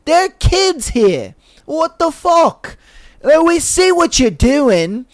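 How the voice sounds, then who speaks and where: A man's voice: very high voice, big pitch swings, slow pace, no echo, clean studio sound, pitched above the performer's own voice, heavily acted. A man voicing an angry British bystander who scolds a couple, with a put-on British accent that drifts toward Australian. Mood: scolding. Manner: indignant, scolding.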